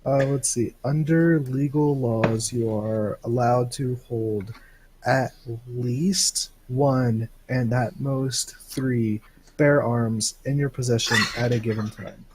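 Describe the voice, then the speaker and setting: A man running a tabletop game as game master, deadpan and unhurried. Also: mid-range voice. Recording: audible background noise.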